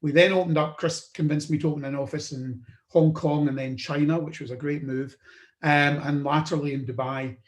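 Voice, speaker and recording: A man from the UK tells the story of his career, his voice sitting a little high for a man. He talks loosely, with plenty of "um"s and restarts. The room around him rings with a noticeable echo. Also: steady tone, moderate pace. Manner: conversational, with frequent "um" and restarts. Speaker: podcast host. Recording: roomy echo.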